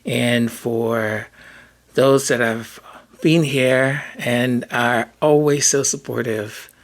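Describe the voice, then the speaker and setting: A man's voice: mid-range voice, fairly even intonation, very slow. A man hosting a podcast in a casual, rambling, hesitant monologue. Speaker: podcast host.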